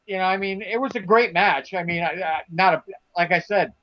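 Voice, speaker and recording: A man with a high voice talks wrestling in casual live-stream chat, pressing his points and repeating phrases for emphasis. The sound is dull and dry, as from a modest home microphone close to him. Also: fairly quick, dry recording. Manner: emphatic, repeats himself when making a point. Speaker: podcast co-host.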